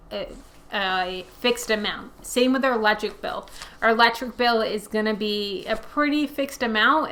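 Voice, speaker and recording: Her voice a little high, bright and forceful, a young personal finance channel host works through viewer questions in an informal Q&A. The delivery is chatty and conversational, with fillers coming up often.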